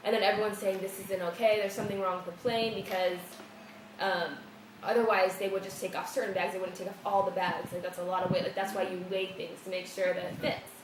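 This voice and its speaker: A woman telling a story in a casual, animated way, filling her talk with "like" and acting out what people said. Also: medium pitch, a little fast. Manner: animated, fills speech with "like", acts out quotes. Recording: roomy, distant, noisy room recording.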